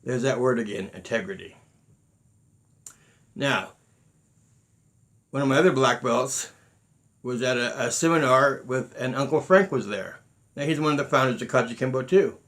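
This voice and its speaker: Telling stories in a monologue, this middle-aged grandmaster of martial arts talks with emphasis, repeating words and acting out what people said. He speaks at a normal speed with frequent pauses, his medium-pitched voice fairly bright.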